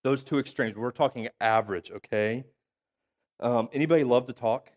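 The recording sounds lo-fi, carrying a medium-pitched, darkish male voice at a moderate pace. A pastor in his thirties with a cough preaches a chatty sermon, repeatedly asking the congregation "okay?" and "right?" after nearly every point.

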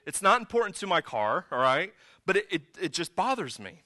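A man's voice: sits high, very animated, a little fast, sharp tone, no room sound. A man preaching a sermon as pastor, mixing conversational storytelling with sudden emphatic rises.

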